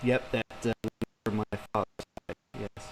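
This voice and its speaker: A man receiving a reading, giving brief, quiet replies. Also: fairly low pitch, level tone, a little slow, vocal fry, soft background music, low-quality recording. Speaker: client.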